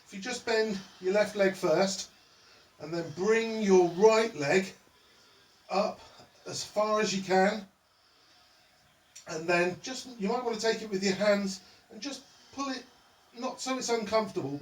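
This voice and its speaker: High-voiced man leading gentle stretches. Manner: playful, names each stretch after a football player. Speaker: exercise instructor. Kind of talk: home stretching tutorial. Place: indoors at home. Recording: echoey room, mic at a distance.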